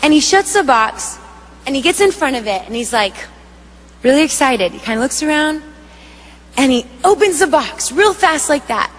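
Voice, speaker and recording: A woman giving an emotional spoken testimony, telling her story in a vivid, animated way. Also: high voice, normal speed, faint music behind. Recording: echoey hall reverb.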